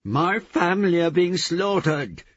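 A man's voice: expressive, a little slow, no room sound, highs cut off. Man voicing a shrieking frantic woman. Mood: panicked. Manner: shrill, screaming outbursts. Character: frantic shouting woman, furious and panicked.

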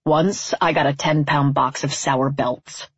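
A woman reading the lines of a laid-back young man, a friend, in a dry, deadpan way. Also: very deep voice, a little slow, breathy edge, no room sound, lo-fi sound, heavily acted.

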